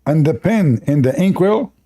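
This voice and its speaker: A man's voice: fairly high pitch, animated, normal speed, dark tone. A male host, giving mocking, sarcastic debate commentary with lots of repetition. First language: Arabic.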